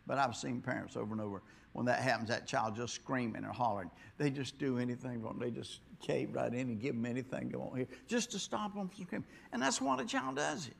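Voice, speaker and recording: A man preaching a sermon, rambling and repeating himself, dropping to quiet asides and then rising to loud exhortation. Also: medium pitch, quick pace, creaky, few pauses, breathy edge. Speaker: pastor.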